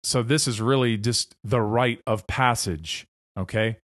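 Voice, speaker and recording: In an unhurried, mid-range voice that is a bit bright, the host of an esoteric presentation series lectures earnestly, frequently pausing to ask listeners "okay?". The recording is dry and studio quality.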